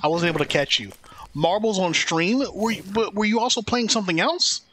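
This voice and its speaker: A man's voice: high-pitched, brisk, a bit bright, slight background noise. A man streaming a video game, joking and rambling as he thanks chat by name. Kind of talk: casual live-stream chat.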